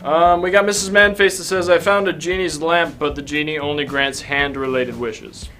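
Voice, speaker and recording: A man's voice: a little high, steady tone, normal speed, loud music behind the voice. A man hosting a comedy live stream, hesitant and full of ums while reading chat messages. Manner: hesitant, lots of ums and uhs, trailing off. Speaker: show host.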